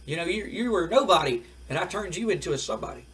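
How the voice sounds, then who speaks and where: A man's voice: high voice, expressive, quick pace, distant mic. A man voicing a brash, money-minded wrestling manager who waves off a former client. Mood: smug. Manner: loud, dismissive, blustering. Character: brash, greedy male wrestling manager, middle-aged.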